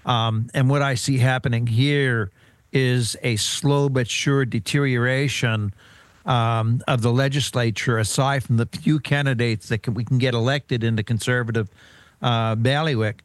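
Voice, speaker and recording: A man hosting a political interview, speaking in a measured way with frequent ums and uhs. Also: mid-range voice, fairly even intonation, dry recording. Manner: measured, with many hesitant fillers. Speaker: show host.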